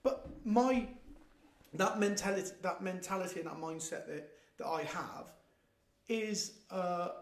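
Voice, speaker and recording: A man hosting a podcast, telling blunt, animated stories in casual chat and swearing freely. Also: sits high, unhurried, reverberant.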